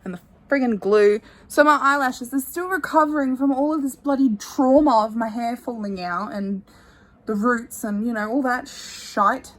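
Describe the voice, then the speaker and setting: Young woman, phone vlog, candid rambling chat, drifts soft at line ends. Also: fairly high pitch, normal speed. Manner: rambling and candid, trailing off quietly. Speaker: vlogger. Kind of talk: casual chat to camera. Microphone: phone held at arm's length.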